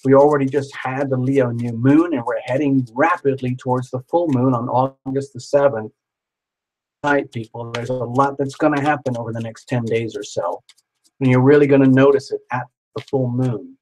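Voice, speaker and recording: A man hosting a live tarot reading stream, talking in a chatty, excitable way and joking with his viewers. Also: medium pitch, moderate pace, poor audio. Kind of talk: casual live-stream chat.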